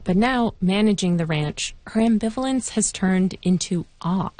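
A woman reporter giving measured, clearly scripted documentary narration. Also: medium pitch, expressive, darkish tone, no echo, low-quality recording. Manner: measured, clear storytelling delivery.

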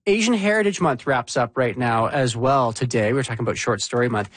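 Male radio host, mid pitch, casual live banter, dry booth sound. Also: brisk, no echo. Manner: casual, chatty, restarts phrases. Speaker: radio morning show host.

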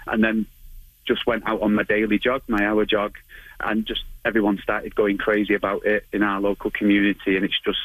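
A low-pitched man, talking as an interview guest. He is friendly and rambles, full of ums and restarts. The sound is dry and close. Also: completely flat delivery, fairly quick, fairly bright tone, no echo, low-quality recording. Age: 30s. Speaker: martial arts instructor, interview guest. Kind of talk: casual phone interview.

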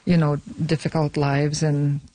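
A middle-aged woman chatting as a guest about her work. She talks in a halting way, with lots of fillers and restarts, and laughs often. The sound is dry and close. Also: low voice, level tone, dark tone, no room sound. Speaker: film director and actor, guest. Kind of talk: casual interview conversation.

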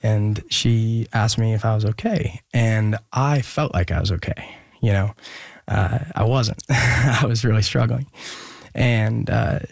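A young man from Oregon telling a personal story as an interview guest, earnest and hesitant, with many pauses and restarts. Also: fairly low pitch, gravelly, dry recording, studio quality.

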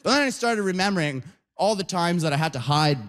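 A male stand-up comedian from Canada telling an animated story, tagging nearly every line with "right?" or "you know?". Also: sits high, a little fast.

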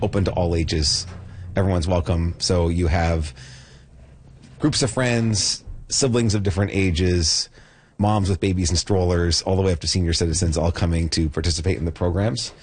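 A man's voice: low-pitched, moderate pace, slightly rough. A man who runs a community arts center, talking enthusiastically in an interview. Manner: enthusiastic, listing things off.

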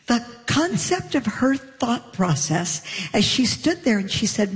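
A woman comedian on a live panel, telling an animated story and laughing as she goes. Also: on the high side, a little slow, few pauses. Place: large hall with a live audience. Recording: long hall reverb.

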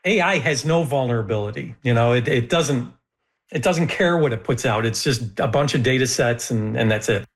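A man's voice: mid-range voice, normal speed. Earnest man in an interview clip.

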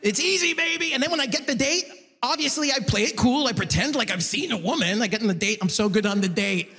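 A male stand-up comedian, performing a set in a large concert hall, lively and jumping into voices. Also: very high voice, quick pace, husky. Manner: animated, jumps into voices. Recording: live hall reverb. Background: audience laughter.

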